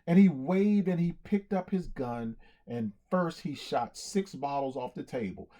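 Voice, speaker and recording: A man reading a storybook aloud in an animated way, acting out cheers and sound effects. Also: on the high side, unhurried, few pauses.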